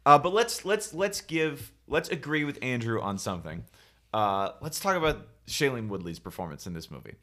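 A man's voice: mid-range voice, sing-song, normal speed, fairly bright tone. A man co-hosting a podcast in casual chat about films, agreeable and steering the conversation along. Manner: agreeable, steering the talk, lots of yeahs. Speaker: podcast co-host. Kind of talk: casual film discussion.

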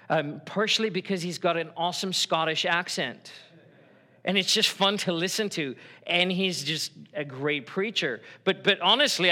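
A man's voice: a little high, bright, forceful tone. A middle-aged man preaching a sermon in church, earnest and conversational, acting out quotes as he goes. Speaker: pastor.

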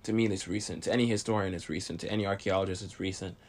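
A young man rambles to camera in a casual, profane monologue. He keeps asking "okay?" and sounds short of breath. His voice sits a little low. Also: fairly even intonation, very fast. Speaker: video host.

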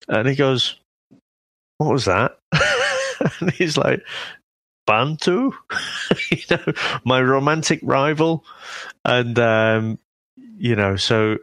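Guy, low voice that swings up and down a lot, laughing while he retells movie bits, dry close sound. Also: a bit bright, no echo. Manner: laughs often, quotes film lines. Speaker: film review podcast co-host. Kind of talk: casual chat.

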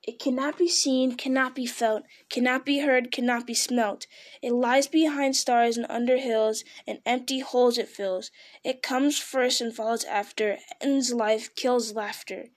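A woman's voice: on the high side, fairly even intonation, a little slow, lightly acted. A woman reading aloud and voicing a sneaky, lonely cave creature who hisses his words. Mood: riddling. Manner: hissing, sibilant, wheedling. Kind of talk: storybook read-aloud.

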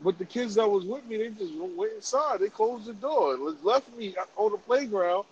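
A man around forty, telling a story in animated, profane, laughing casual podcast chat. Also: high voice, normal speed, vocal fry, highs cut off, a little hiss or hum. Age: about 40. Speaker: podcast host.

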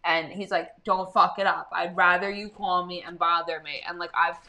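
A woman's voice: on the low side, normal speed. A young adult woman co-hosting a podcast, chatting casually and telling stories with plenty of swearing. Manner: profane, animated storytelling. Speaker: podcast co-host. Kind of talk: casual chat.

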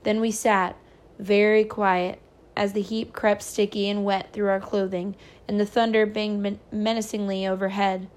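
A woman reading a novel chapter aloud, pausing for casual, chatty recaps with small stumbles. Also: medium pitch, level tone. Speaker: reader.

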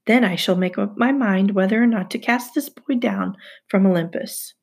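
Grumbling king of gods, gravelly and rough-edged, read by a woman narrator. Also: mid-range voice, moderate pace, darkish tone. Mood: stern. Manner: grumbling, menacing. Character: stern menacing male sky god, king.

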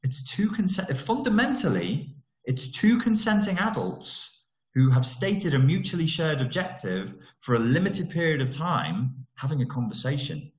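A man talking casually about therapy as a coach, blunt and swearing, with animated emphasis on key words. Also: on the high side, moderate pace, reverberant, poor audio. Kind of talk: casual solo talk, teaching.

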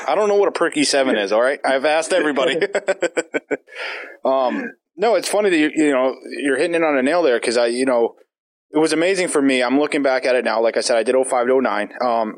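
A man's voice: medium pitch, no room sound. Laughing, crude-joking man on a podcast. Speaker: podcast host. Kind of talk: casual chat.

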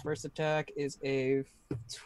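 A man playing a character in a tabletop role-playing game, with a slow, laughing manner. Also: fairly high pitch, monotone, a little hiss or hum. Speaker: player.

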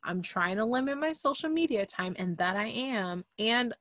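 A young adult woman co-hosting a casual podcast chat, animated and emphatic. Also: a little high, normal speed, dry recording. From Liberian family. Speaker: podcast co-host.

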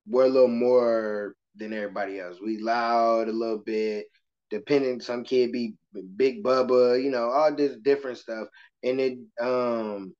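A man who teaches kindergarten, speaking as a guest in a casual interview and telling stories with lively acted-out voices. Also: mid-range voice. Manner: animated storytelling, slips into voices of kids and adults. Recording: muffled lo-fi podcast audio.

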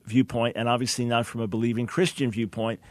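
A man's voice: medium pitch, level tone, quick pace, no room sound. A man hosting a call-in radio talk show, speaking earnestly and emphatically, often repeating words as he starts a sentence.

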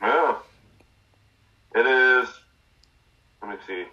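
A man co-hosting a podcast in casual chat, giving relaxed, brief replies. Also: mid-range voice, extremely slow, muffled recording. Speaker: podcast co-host.

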